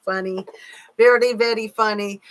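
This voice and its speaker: Woman, mid-pitched, casual livestream host, chatty, reads out viewer comments. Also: fairly even intonation, moderate pace. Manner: chatty, reads comments aloud, cautious with hedging. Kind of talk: casual live chat.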